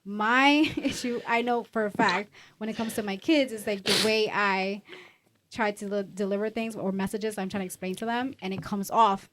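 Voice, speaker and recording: A woman's voice: mid-range voice, fairly even intonation, normal speed, a bit bright, a little hiss or hum. A middle-aged woman co-hosting a podcast, talking in a rambling, casual way with lots of "like"s. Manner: rambling, filler-heavy, with many "like"s. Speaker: podcast co-host. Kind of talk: casual chat.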